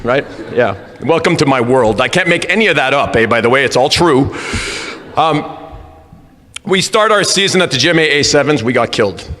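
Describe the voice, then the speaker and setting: A man coaching rugby, telling a funny story in a lively way at a school assembly. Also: medium pitch, moderate pace. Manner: humorous, animated storyteller. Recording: reverberant hall with faint background noise.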